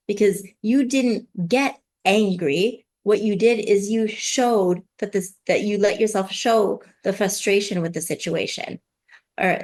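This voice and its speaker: A woman parenting coach explaining advice in conversation, lively, often acting out what parents and kids say. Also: mid-range voice. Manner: animated, acts out parent and child voices.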